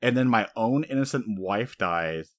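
A man's voice: mid-range voice, expressive, a little slow, close to an everyday voice. A man voicing a grieving, guilt-ridden warrior king as he retells an anime scene. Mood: anguished.

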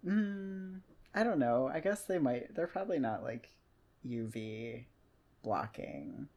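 A woman's voice: a bass voice, expressive, slow, darkish tone, lo-fi sound, a little hiss or hum. A woman hosting a casual podcast chat, ranting animatedly, swearing freely and laughing often. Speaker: podcast host.

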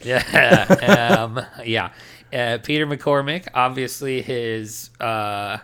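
A male podcast co-host chatting casually and joking his way through an awards segment. He talks slowly and laid-back. His voice has a bright, forward tone. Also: medium pitch, fairly even intonation, clear, resonant tone. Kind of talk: casual chat.

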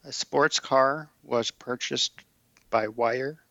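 Man, podcast co-host, gravelly voice, dull dry recording, runs through facts with restarts. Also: medium pitch, fairly even intonation, takes it slowly, bright, forceful tone, no echo. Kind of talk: casual political chat.

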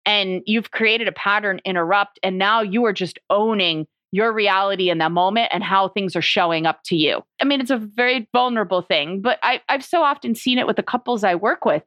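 A woman's voice: mid-range voice, a little fast, few pauses, a bit bright, no echo. A woman speaking as a sexologist guest on an interview podcast, chatty and explaining, often saying "like" and laughing easily.

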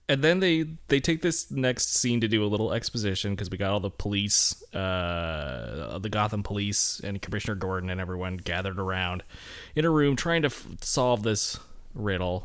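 A man's voice: lowish voice, normal speed, clear, resonant tone. A man co-hosting a casual chat, laughing often and slipping into funny voices. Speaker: podcast co-host.

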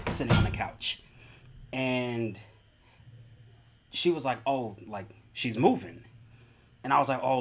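A young man on a casual podcast, telling a personal story with animated rises in his voice. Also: medium pitch. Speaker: podcast co-host, expectant father.

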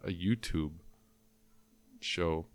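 Deep-voiced man, laughing and swearing. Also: very slow, dry recording. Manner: swears often and laughs a lot. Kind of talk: casual chat.

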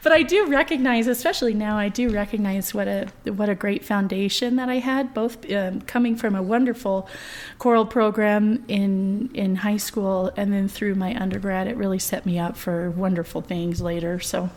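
A woman's voice: mid-range voice, fairly even intonation, moderate pace, darkish tone. A woman in her thirties, a voice professor being interviewed, talking chattily with many fillers and easy laughter. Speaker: voice professor, guest. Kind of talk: conversational interview.

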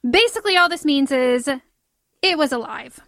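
A young Texas woman with a light Texan accent co-hosts a podcast, telling a story in casual chat peppered with "like" and giggles. Her voice is high, animated and a bit bright, at a moderate pace, with no room sound.

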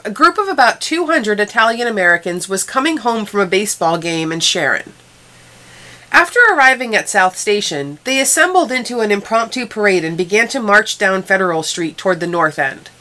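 A woman hosting a history segment, giving scripted narration in a dramatic, measured storytelling manner. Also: mid-range voice, expressive, pushed and bright.

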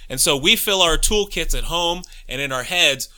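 A man with a Youngstown, Ohio accent talks in a casual chat, heated and profane. His voice is strikingly bright and a bit high. He tells stories and shouts out in a put-on voice to act out what he said. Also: animated, normal speed.

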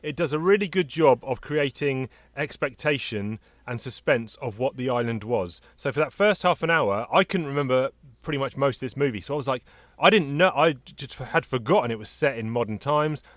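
A man's voice: medium pitch, no echo. A man co-hosting a casual film-review chat, often chiming in with agreement and reading from his notes. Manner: chatty, agreeing fillers, reads out notes. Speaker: podcast co-host reviewing films.

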